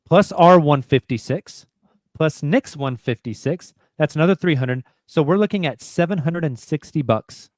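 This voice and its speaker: A man's voice: on the high side, lively intonation, moderate pace, no echo. A man hosting a sports podcast, chatting casually, joking and reading sponsor spots. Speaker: podcast host. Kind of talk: casual chat.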